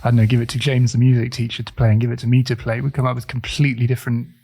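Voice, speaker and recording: A man co-hosts a casual podcast in an everyday mid-range voice. He reacts with lively, blunt jokes. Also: medium pitch, rapid-fire, vocal fry. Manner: animated, joking, blunt reactions. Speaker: podcast co-host. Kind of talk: casual educational chat.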